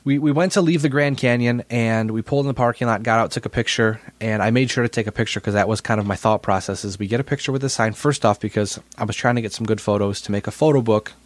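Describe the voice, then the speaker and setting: A man's voice: lowish voice, fast, hardly any pauses, dry recording. A man co-hosting a podcast, telling a story in casual chat and often repeating his words. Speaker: podcast co-host.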